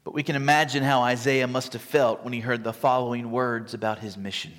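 A man preaching a sermon, dramatic and vivid, acting out the scripture quotes with big shifts between loud and quiet. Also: medium pitch, steady tone, fairly quick. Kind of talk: expository sermon. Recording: long reverb from a large hall.

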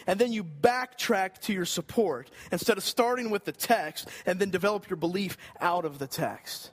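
A man's voice: high-pitched, moderate pace, few pauses, husky. A man preaching a sermon in an earnest, conversational way, rising for emphasis. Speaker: pastor.

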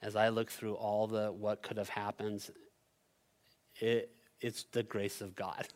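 A middle-aged man preaching a sermon as a pastor, telling a personal story in an animated, conversational way. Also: fairly low pitch, slow pace.

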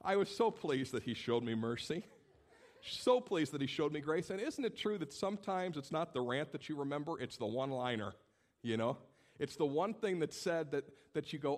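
Casual: guy preaching, pastor telling a story, acts out all the voices, mid pitch. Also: brisk. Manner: animated storytelling, acts out the people in his stories. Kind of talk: sermon.

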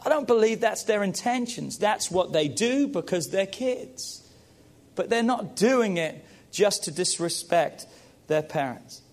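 A man's voice: sits high, animated, measured pace. A middle-aged man preaching a sermon to parents, emphatic, repeating phrases and calling out to the congregation. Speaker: pastor.

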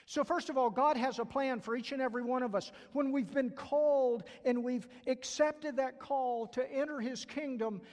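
Casting note: older Southern man, stutters, higher-pitched voice, earnest sermon in a long-reverb church hall. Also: moderate pace, few pauses, a little mellow. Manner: earnest, repeats key phrases, acts out quoted voices. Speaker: church staff preacher. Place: church sanctuary.

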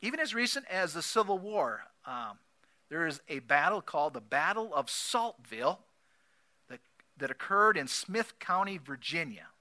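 A man preaching a sermon, repeating key phrases emphatically and swinging between loud declarations and soft asides. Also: fairly high pitch, sing-song, moderate pace. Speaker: pastor.

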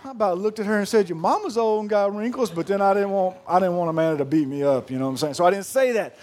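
A man's voice: high-pitched, racing, a little mellow. A man, a pastor preaching a sermon in a folksy, joking storytelling way. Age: 30s.

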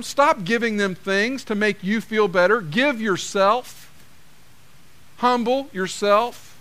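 A man's voice: sits high, fairly bright tone. A man preaching a sermon, conversational and direct, acting out the lines people say to each other. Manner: conversational preaching, acts out quoted dialogue. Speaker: pastor.

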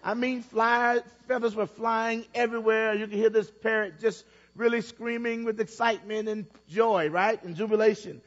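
A male pastor with a high voice preaches a sermon, telling a story and repeating phrases for emphasis, with little pitch movement, normal speed and few pauses. His words echo at length through a big church hall, and the recording has a dull, muffled quality.

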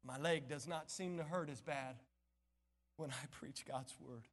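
A man pastor preaching a sermon in a church, impassioned, swinging between shouting and near-whispering. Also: fairly high pitch, unhurried. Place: church sanctuary. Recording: long church hall reverb.

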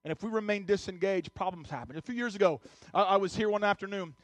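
A man's voice: high voice, fast, no echo. A male pastor preaching a sermon, telling a personal story before urging the congregation with rising intensity. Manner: storytelling that builds to urgent exhortation.

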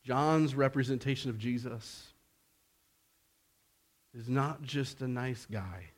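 Preaching at a measured, unhurried pace, this man lets his voice rise, louder and higher, each time he presses his argument.

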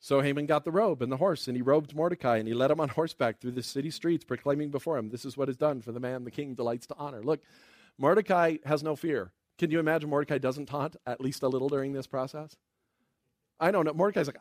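A man giving a sermon, retelling a Bible story with playful asides and quick impressions of the characters. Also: mid-range voice, a little mellow, no echo, studio quality. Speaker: preacher.

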